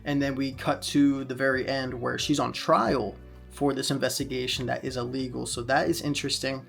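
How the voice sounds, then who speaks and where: A man's voice: mid-range voice, level tone, moderate pace, gravelly, fairly bright tone, soft background music. A man casually reviewing comic books in a chatty vlog, recapping plots with fillers along the way.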